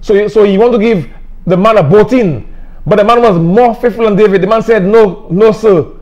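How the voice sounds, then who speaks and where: A man's voice: high-pitched, a little fast, darkish tone, highs cut off. A middle-aged man from Saint Lucia with a Saint Lucian accent, preaching an emphatic, repetitive sermon. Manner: emphatic, repetitive, plain-spoken.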